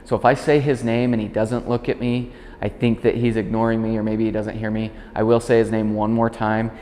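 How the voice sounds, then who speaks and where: A man leads a dog training lesson in a fairly low voice, laying out each step calmly before he snaps out crisp commands to the puppy. A long reverb trails his words. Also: a little fast, slight background noise. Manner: explains calmly, then barks short clear commands at the dog. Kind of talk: instructional demonstration.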